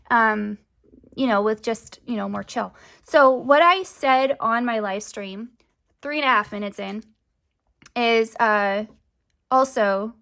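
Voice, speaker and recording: Young woman vlogging about her crafts, kinda high voice, rambly with lots of um and like, voice goes up at the end. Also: fairly bright tone. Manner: chatty, rambling, many fillers, voice rising at sentence ends. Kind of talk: casual chat to camera.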